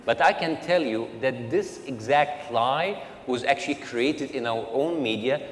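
A man's voice: mid-range voice, a little slow. A man from Egypt arguing emotionally on a debate panel, restarting often and stacking up fillers. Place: large event hall with audience. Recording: large echoing hall with crowd noise.

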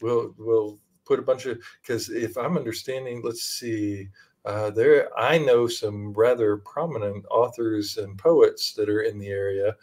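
A man's voice: on the low side, steady tone, a little slow, a little mellow. A man being interviewed as an author, chatting casually and cracking playful jokes. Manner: joking, playful banter. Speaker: author guest.

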